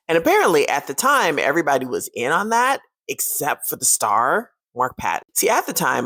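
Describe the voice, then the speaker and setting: Woman, chatty horror video host, lively pitch, dry close sound. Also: creaky, slightly rough, dry recording. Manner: animated and chatty, laughs often. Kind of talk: casual fun-facts monologue.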